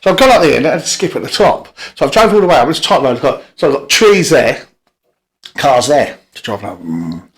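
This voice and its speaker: A man's voice: medium pitch, very animated, brisk. Sweary man spinning yarns. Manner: rambling, sweary storytelling with many restarts. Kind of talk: casual podcast chat.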